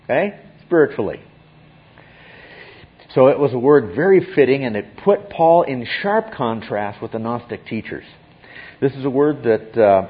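Male Bible teacher, husky voice, emphatic teaching delivery, muffled lo-fi recording. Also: mid-range voice. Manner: emphatic, often checks in with "okay?".

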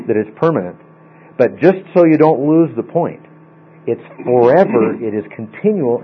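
Man teaching a Bible lesson over tinny audio. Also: medium pitch. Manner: explanatory, often asks okay. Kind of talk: classroom Bible study lesson. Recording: tinny phone-like audio, faint mains hum.

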